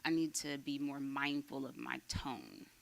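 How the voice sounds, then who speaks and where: A woman's voice: a bass voice, a little slow, creaky. A woman at a church group openly sharing a personal fault, with many fillers and restarts.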